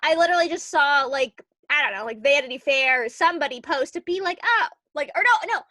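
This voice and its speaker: A young woman co-hosting a podcast, chatting casually with lots of "like" and animated retellings. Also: high voice, fairly quick, no echo. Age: young adult. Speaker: podcast co-host. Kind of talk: casual chat.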